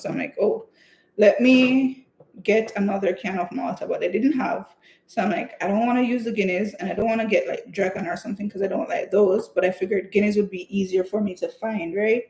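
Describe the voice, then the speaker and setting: A home cook vlogger live-streams from her kitchen, chatting casually and telling rambling stories with laughs while she bakes. Her voice is medium in pitch, a little fast and a little mellow. The room is echoey, with faint noise.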